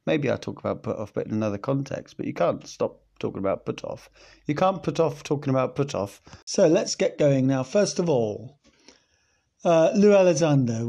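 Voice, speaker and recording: A man's voice: mid-range voice, gravelly, warm tone. A man hosting his own podcast in a casual solo monologue, rambling and self-mocking, joking at his own slips. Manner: rambling, jokey and self-mocking, with many fillers. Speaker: podcast host.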